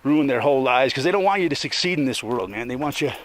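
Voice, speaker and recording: A man's voice: medium pitch, expressive, fast, a bit bright. A man ranting angrily in a rambling, profane monologue, ending many sentences with "man.". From Colorado. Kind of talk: casual monologue rant.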